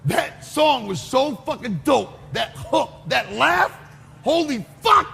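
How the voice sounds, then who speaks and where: A man judging a live talent show, reacting with profane, gushing excitement. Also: very high voice, slow pace, vocal fry, soft background music. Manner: profane, gushing, repeats "dog". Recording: reverberant hall, faint noise.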